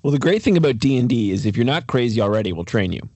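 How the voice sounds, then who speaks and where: A man hosting a casual interview, asking questions in a relaxed way with joking asides. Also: medium pitch, fast talker, husky, no room sound. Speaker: host.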